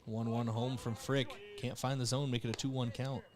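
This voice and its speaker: Young male play-by-play announcer, brisk, quick self-corrections, press box call, mid-pitched voice. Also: little pitch movement, heavy background noise. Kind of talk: live radio and TV baseball commentary. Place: press box behind a window.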